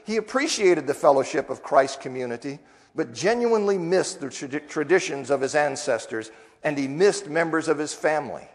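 A man's voice: on the high side, animated, normal speed, big-room sound. A man preaching in a church, first reading a story aloud and then explaining it in a loose, conversational teaching manner. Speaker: preacher teaching a Bible class.

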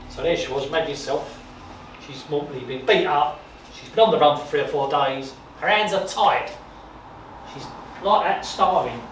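A man gives a chatty talk at an exhibition, voice pitched a little high. He tells his stories with animated repetitions and asides. He is heard from a distance in an echoey room with clear background noise. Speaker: guest speaker on wartime history. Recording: echoey room from far off, noisy.

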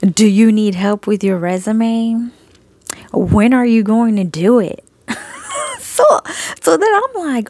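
A woman's voice: a little high, animated, slow, pauses often, mellow. A woman giving a casual spoken testimony, telling her story with animation, laughing often and acting out both sides of her conversations, recorded on a phone. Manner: frequent laughter. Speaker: Christian video creator sharing messages.

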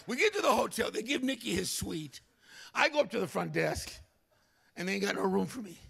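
An older male pastor telling a story during a sermon, animated, acting out other people's voices. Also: sits high, a little fast, creaky, breathy edge. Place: church.

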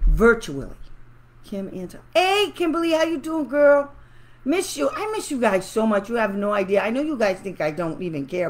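A woman talking casually to her viewers, ranting indignantly and then pleading with them for help. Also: fairly high pitch. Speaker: special education advocate and YouTuber. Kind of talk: casual livestream talk to viewers.

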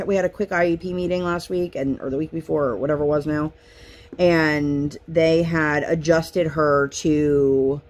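A woman's voice: sits low, a little hiss or hum. A woman in her thirties chatting casually at home while she crafts, rambling through her week. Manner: rambling, chatty, lively storytelling. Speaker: craft vlogger.

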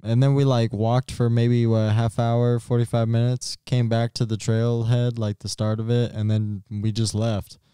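A man's voice: mid-range voice, little pitch movement, moderate pace, hardly any pauses, dark tone, clear, resonant tone, no echo. A young man co-hosting a podcast, telling laid-back stories in casual chat with lots of fillers, on a close mic. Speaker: podcast co-host.

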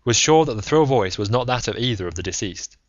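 Male audiobook narrator, measured reading, dry close sound, slightly dull lo-fi audio. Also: medium pitch, expressive, dry recording. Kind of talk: scripted narration. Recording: slightly muffled lo-fi recording.

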